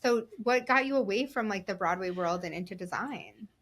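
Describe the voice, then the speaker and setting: A woman's voice: mid-range voice, moderate pace, a bit bright, slight background noise. A woman hosting a podcast, reading an upbeat event promo and then chatting easily with a guest. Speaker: podcast host. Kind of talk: casual podcast hosting and ad read.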